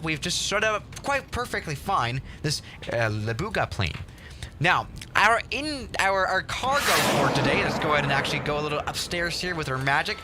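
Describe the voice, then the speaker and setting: A young man hosting a game livestream, chatting casually in an excitable, rambling and self-mocking way. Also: fairly high pitch, slight background noise. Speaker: livestream host.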